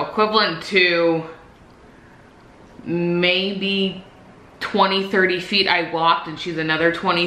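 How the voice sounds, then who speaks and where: A woman's voice: mid-range voice, pushed and bright. A young woman vlogger venting animatedly about her day in casual, swear-filled storytelling. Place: indoors at home. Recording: echoey room.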